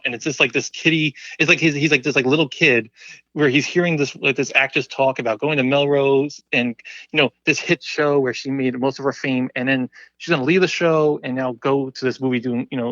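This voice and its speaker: A man's voice: medium pitch, fairly quick, a bit bright, no room sound, muffled recording. A man talking as a podcast guest in casual chat, rambling with lots of filler words.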